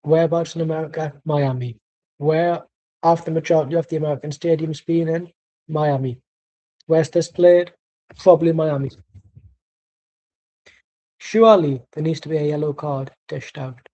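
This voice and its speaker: A man's voice: fairly high pitch, fairly even intonation, moderate pace, long pauses, mellow, highs cut off. A man streaming a football watchalong who rants angrily and sarcastically while reacting live to the match. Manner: angry, sweary, sarcastic. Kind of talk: live match commentary and rant.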